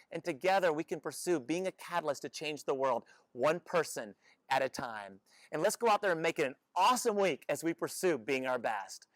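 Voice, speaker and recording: A man's voice: a little high, dry recording. A man hosting a Christian motivational talk, speaking earnestly and exhorting with many rhetorical questions. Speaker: host.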